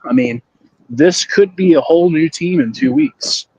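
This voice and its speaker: A man's voice: on the high side, sing-song, measured pace, vocal fry, a little mellow, a little hiss or hum. A young man co-hosting a sports podcast in casual chat, teasing and wisecracking. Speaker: podcast co-host. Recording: dry, dull lo-fi audio.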